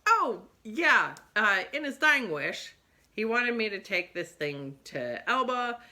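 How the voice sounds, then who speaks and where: A woman's voice: a little high, sing-song, slow pace, bright, forceful tone, heavily acted. Woman voicing an eager young sailor. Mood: earnest. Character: cheerful young male sailor.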